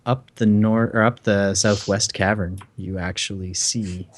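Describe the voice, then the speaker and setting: A man's voice: fairly low pitch, steady tone, a little slow, few pauses, a little hiss or hum. A man narrating as dungeon master, describing the scene with fillers and self-corrections. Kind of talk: narrating a tabletop game.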